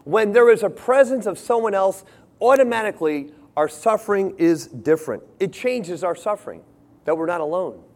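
A man preaching a sermon, earnest, moving between hushed lines and emphatic ones. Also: high voice, animated, normal speed.

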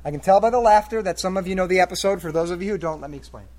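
Preacher, male, high voice, retells a story to a crowd and keeps asking them questions. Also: rapid-fire, a little mellow. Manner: conversational, asks the audience questions. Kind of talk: storytelling sermon.

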